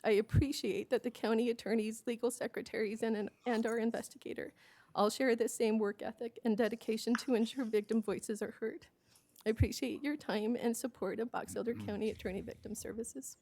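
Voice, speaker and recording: A woman's voice: a little high, fairly quick. A woman with an American accent presenting a prepared report on victim services to a county meeting, speaking earnestly and steadily. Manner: steady and earnest, becoming emotional and hesitant. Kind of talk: reading a prepared report, then answering questions.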